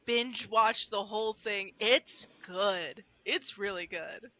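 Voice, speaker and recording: A woman's voice: mid-range voice, takes it slowly, sharp tone. A woman in casual chat, gushing enthusiastically.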